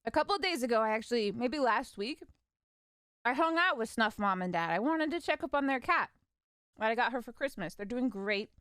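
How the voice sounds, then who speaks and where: Young female streamer, lively, mimics family members, bright upper register, dry booth sound. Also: a little high, fairly quick, clear, resonant tone, dry recording. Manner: animated, laughing, quotes parents in voices. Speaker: vtuber streamer. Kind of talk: casual storytelling.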